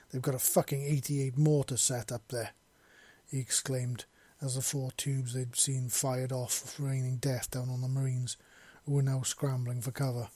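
A man reading a war story aloud, narrating and voicing the dialogue, shouting in the grief scenes. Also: medium pitch, no room sound.

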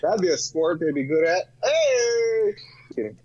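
A man's voice: fairly high pitch, fast, a little mellow, husky, muffled recording. A young man co-hosting a casual sports podcast, throwing in teasing quips. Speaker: podcast co-host.

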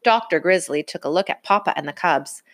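A woman reading a picture book aloud to a child in an expressive, sing-song way. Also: fairly low pitch, brisk. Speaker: storybook reader.

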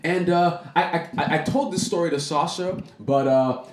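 Male podcast host, animated storyteller, roomy echoey sound. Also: normal speed, background noise. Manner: animated, swings into high-pitched voices for quoted people. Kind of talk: casual storytelling chat. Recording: roomy echo.

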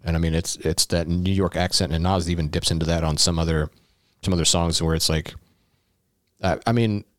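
A man's voice: low voice, steady tone, a little fast, no echo, clean studio sound. A Midwestern man giving laid-back opinions in a casual music chat with friends. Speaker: podcast co-host.

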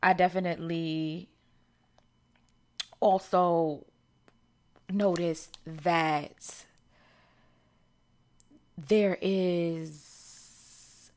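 A woman with a New York accent talks casually as a podcast host, sounding animated and full of slang. Her voice sits low for a woman, and she sounds like she is in her thirties. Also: extremely slow, long pauses. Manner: chatty, animated, slangy with many fillers. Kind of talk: casual solo chat.

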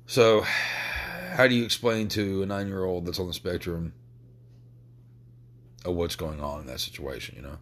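Low-pitched male podcaster, raw and emotional, cursing, stumbling over restarts. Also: a bit bright. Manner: emotional, sweary, halting restarts. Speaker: podcast host. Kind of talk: personal podcast talk.

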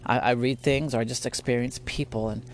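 A man's voice: mid-range voice, steady tone, a little fast, a little hiss or hum. Earnest rambling man on a podcast. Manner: earnest, rambling, laughs often. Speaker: podcast host. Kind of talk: casual spiritual talk. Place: at home, near spiders.

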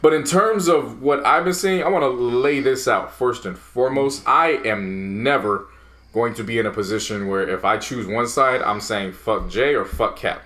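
A man in a casual podcast debate, building his point piece by piece at a steady, deliberate pace. His voice sits at an ordinary male pitch and he sounds sure of his reasoning. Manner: measured, lays out his argument step by step. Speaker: podcast co-host. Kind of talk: casual debate among friends.

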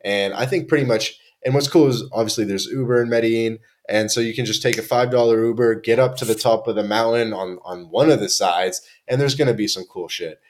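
A man's voice: on the low side, fairly quick, few pauses. Laid-back young canadian guy, slangy. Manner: laid-back, slangy storytelling full of likes and restarts. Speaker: podcast guest. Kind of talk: casual chat.

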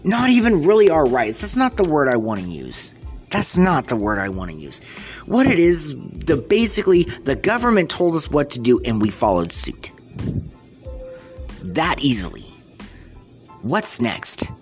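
Brief: vlogger, middle pitch, exasperated unscripted rant, trips over words, soft music bed behind. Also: wildly swooping pitch, measured pace. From United States. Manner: exasperated, rambling, with frequent restarts. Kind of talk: unscripted ranting monologue.

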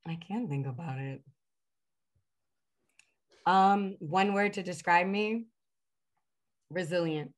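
Chatty woman guest in a casual interview, lots of likes and ums, lowish voice. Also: slow, long pauses. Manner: reflective and earnest about her purpose.

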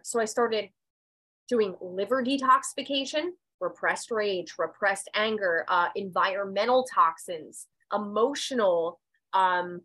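A woman's voice: mid-range voice, measured pace, fairly bright tone, rough recording. A woman, a podcast guest, telling her personal story candidly and emphatically, swearing freely. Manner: raw and emotional, voice dropping and rising. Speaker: podcast guest, medium and intuitive.

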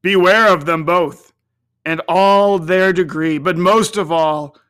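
A man voicing a solemn, sorrowful aging spirit in a storybook reading, speaking loudly and slowly. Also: sits high, fairly even intonation, smooth. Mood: grave. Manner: loud, slow, declaiming.

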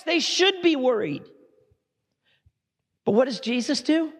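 A man preaching a sermon in a church, impassioned but conversational, with quick asides to the congregation. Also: very high voice, lively intonation. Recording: long hall reverb.

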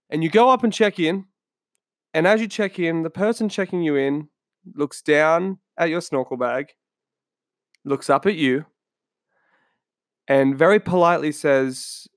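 A man's voice: fairly high pitch, a little slow, dry recording, clean studio sound. An Australian man hosting his own podcast, talking earnestly and telling a story to his listeners with questions along the way. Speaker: podcast host and coach. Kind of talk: solo podcast talk. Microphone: studio microphone.

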